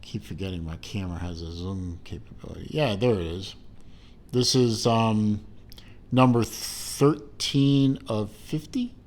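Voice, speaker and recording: Middle-aged guy doing a chill watch unboxing, slow and rambly, lotta ums, kinda low voice, dry jokes. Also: a little mellow. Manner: slow, rambling, with many fillers and self-corrections; dry self-mocking asides. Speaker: watch reviewer. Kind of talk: casual unboxing review.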